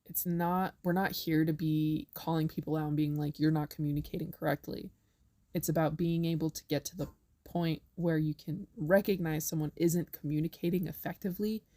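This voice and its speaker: A woman's voice: low-pitched, mellow. A young woman giving casual spiritual advice, chatty and earnest, who acts out inner voices with big swings in tone. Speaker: spiritual wellness vlogger.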